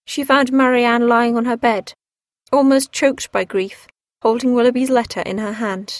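A woman's voice: a little high, steady tone, normal speed, no echo. Woman narrating a classic story. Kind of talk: scripted narration.

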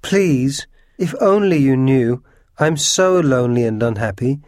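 A man voicing a lonely, sulky old male ghost in a storybook reading, speaking in a low, quivery, grumbling way. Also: unhurried, dark tone, dry recording, studio quality. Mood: pleading. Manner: grumbling, self-pitying.

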